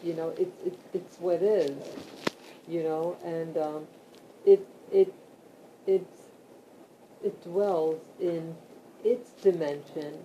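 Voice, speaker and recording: A woman vlogging casually from her bed at home, talking slowly with many fillers and restarts. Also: fairly low pitch, fairly even intonation, rough recording. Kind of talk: casual talk to camera. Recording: loud background hiss.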